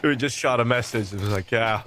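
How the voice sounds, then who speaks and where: Male esports caster with a medium voice, animated and chatty, working a headset mic over faint game gunfire. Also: medium pitch, quick pace, slight background noise. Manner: animated, chatty, drifts into tangents. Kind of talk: play-by-play game commentary.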